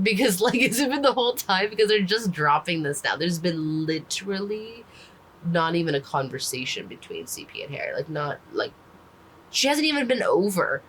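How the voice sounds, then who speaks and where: A woman's voice: on the low side, sing-song, normal speed, a bit bright, a little hiss or hum, poor audio. A woman casually recapping a book, rambling with lots of "like" fillers and the odd swear word. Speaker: book reviewer.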